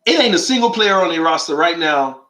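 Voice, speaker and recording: Animated, preachy man with a bright voice. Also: a little high, a little fast, reverberant. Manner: emphatic, preachy, rhetorical questions, slangy. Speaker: host of a call-in sports show. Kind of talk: animated opinionated monologue.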